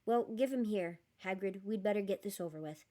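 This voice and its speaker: A woman reading aloud and voicing a stern female professor who talks in a brisk, clipped, scolding way. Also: medium pitch, dark tone, close to an everyday voice.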